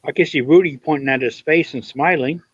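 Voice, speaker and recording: An older man joins the stream over a dull, muffled call line with dry sound. His voice is slightly high for a man, and his delivery is joking. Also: fairly quick, breathy edge, no echo. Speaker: stream guest. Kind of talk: casual live stream chat.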